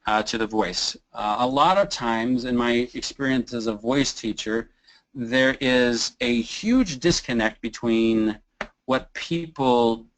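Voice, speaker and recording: Slow and mid-range, a male voice teacher from the Kansas City area, USA, talks informally in a webinar. He illustrates vocal exercises through moans, sighs, creaks, and brief singing, though the recording quality is low.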